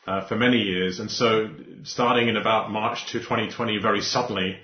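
Rambling low-voiced male podcast host. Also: steady tone, a little fast. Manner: rambling, restarts, laughs often. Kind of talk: hosting an interview. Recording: echoey, muffled remote audio.

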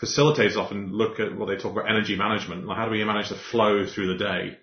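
A man's voice: lowish voice, flat delivery, very fast. A man hosting a podcast interview, rambling and restarting with frequent laughs. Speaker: podcast host. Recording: echoey, muffled remote audio.

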